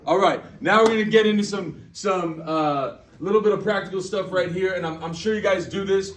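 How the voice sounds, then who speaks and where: A man giving an energetic sales training talk to a group, repeating his phrases. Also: high-pitched, brisk, a little hiss or hum. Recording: echoey room, distant mic.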